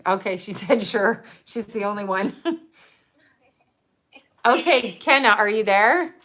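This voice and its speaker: A woman's voice: mid-range voice, lively intonation, unhurried, fairly bright tone. A woman hosting a casual livestream, chatting and rambling with frequent laughs. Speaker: livestream host.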